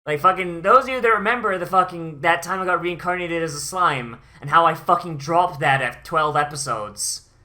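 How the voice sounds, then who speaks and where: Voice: medium pitch, moderate pace, sharp tone. An anime reviewer ranting through a watch-along, swearing often and sighing in exasperation.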